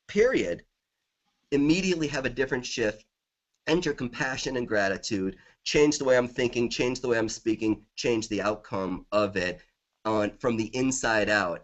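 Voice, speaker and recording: A man's voice: mid-range voice, a bit bright, dull audio. A middle-aged man, a guest author in a conversational interview, talking with enthusiasm and repeating affirmations.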